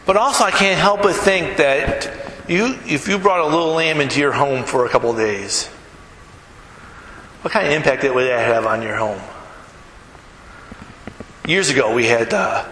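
Male pastor, sermon delivery, bright slightly high voice, chatty asides, church room echo. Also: moderate pace, pauses often. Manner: storytelling, conversational asides to the congregation. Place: church sanctuary. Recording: echoey hall with long reverb, faint room noise.

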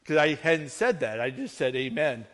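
A man preaching a sermon as pastor, earnest and conversational, often checking in with his listeners with a quick "right?". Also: a little high, sing-song, fairly bright tone, in a large hall.

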